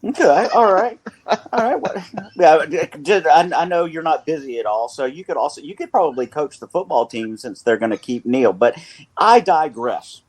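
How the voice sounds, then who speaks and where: A man from North Carolina hosting a sports talk radio show, his voice at an ordinary middle pitch. He rambles playfully, trips over a word and fixes it, then jokes his way back to the point. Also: lively intonation, a little fast, a little mellow. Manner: playful, rambling, self-correcting.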